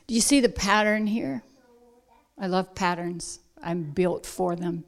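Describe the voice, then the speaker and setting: Woman preaching real slow, emphatic, drops to soft little asides. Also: lowish voice. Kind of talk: sermon.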